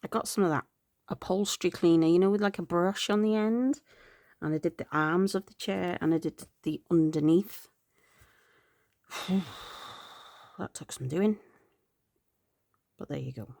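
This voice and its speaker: A woman's voice: lowish voice, a little slow, gravelly, pauses often, dry recording, studio quality. A middle-aged woman chatting through her planners, rambling and correcting herself, tired and yawning. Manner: rambling, self-correcting, soft laughs. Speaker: planner vlogger.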